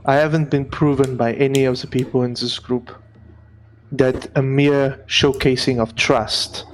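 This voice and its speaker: A man playing a tabletop game, speaking in character at a measured, even pace. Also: medium pitch, low-quality recording. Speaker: player. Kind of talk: tabletop role-play.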